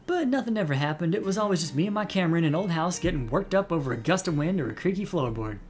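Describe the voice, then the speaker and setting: A man's voice: a little high, lively intonation, fast, pitched above the performer's own voice, lightly acted. A man voicing a chatty young female cryptid-hunting vlogger in a put-on Southern US accent, breezy and rambling. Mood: folksy.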